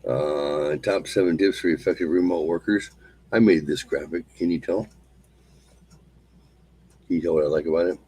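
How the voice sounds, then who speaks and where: A man hosting a solo show, calmly leading a repeated mantra and chatting casually. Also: very deep voice, breathy edge, poor audio. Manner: calm, slow, repetitive chanting of phrases. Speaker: host.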